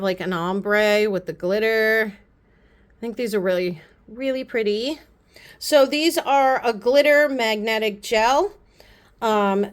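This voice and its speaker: A woman vlogger chatting casually to the camera, gushing and rambling with quick asides. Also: mid-range voice. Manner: chatty and gushing, repeats "pretty" often. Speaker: beauty vlogger. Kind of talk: casual haul chat to camera.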